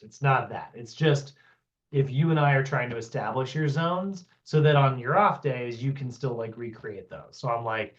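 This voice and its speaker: A man runs a fitness training class in a relaxed, conversational way. He keeps dropping "like" and "you know" and acts out what a client might say. His voice sits at an average pitch and comes through a dull, lo-fi connection. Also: moderate pace. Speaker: fitness instructor. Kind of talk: casual explanatory teaching. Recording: dull, lo-fi sound.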